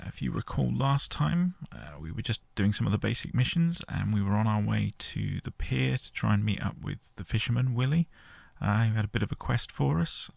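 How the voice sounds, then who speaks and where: A man's voice: fairly low pitch, vocal fry, darkish tone, no echo. A man hosting a game playthrough, chatting casually and explaining the controls step by step. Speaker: gaming host.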